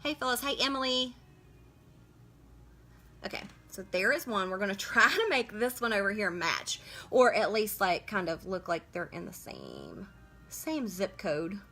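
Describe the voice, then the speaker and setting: A woman's voice: medium pitch, sing-song, measured pace, bright, forceful tone, soft background music. A woman hosting a casual live makeup tutorial, chatting as she works and greeting viewers by name. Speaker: makeup livestream host.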